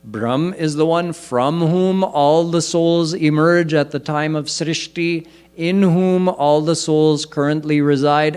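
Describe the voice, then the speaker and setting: Slow, measured male spiritual teacher. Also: on the high side, darkish tone, clean tone. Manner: slow, deliberate explanation of scripture, chanting verses in between. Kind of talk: sermon.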